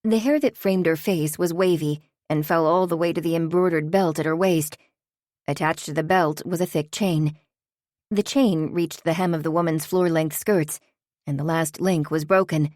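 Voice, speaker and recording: Low-voiced woman reading a story. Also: fairly even intonation, moderate pace, a little mellow, no echo, studio quality. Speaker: narrator. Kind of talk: scripted audiobook narration.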